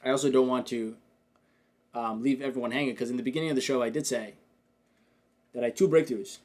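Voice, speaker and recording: Fast-talking man hosting a business podcast. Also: mid-range voice. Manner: energetic, talks to listeners directly with frequent "man" and "check this out"; acts out his own inner dialogue in quoted asides. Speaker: podcast host and business coach. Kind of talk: casual podcast talk.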